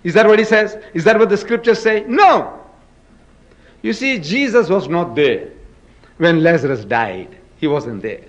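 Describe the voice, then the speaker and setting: Male debater, higher register, emphatic and theatrical, muffled lo-fi tape. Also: animated, a little slow. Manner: emphatic, rhetorical questions to the audience; dramatic, acts out scripture quotes. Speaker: speaker in a religious debate. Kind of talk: public debate lecture.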